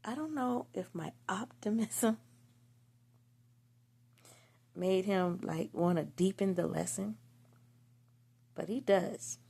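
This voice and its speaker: A woman's voice: mid-range voice, slow, gravelly, long pauses, mellow, husky. A woman telling a personal story in a candid, profane, slang-heavy casual monologue.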